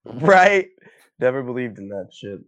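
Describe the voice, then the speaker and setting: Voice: medium pitch, sing-song, unhurried, a bit bright, no echo. A podcast co-host chiming in with short, wry interjections in casual chat.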